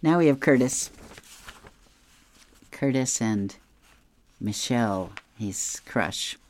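A man's voice: mid-range voice, lively intonation, slow, slight background noise. A man reading newspaper comic strips aloud and describing each panel in a chuckling, easygoing way. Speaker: comics reader.

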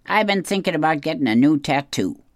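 A grubby diner cook answers bluntly and gruffly, as a reader puts him on. His lines are short and curt. The voice is dry and close. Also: mid-range voice, expressive, a little fast, dry recording, pitched above the performer's own voice, lightly acted.

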